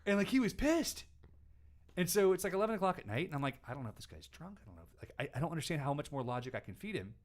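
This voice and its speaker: A man hosting a casual question-and-answer show, telling stories in an animated way and sometimes acting out other people. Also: racing. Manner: animated storytelling, mimics people in high voice. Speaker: host answering viewer questions. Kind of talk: casual chat.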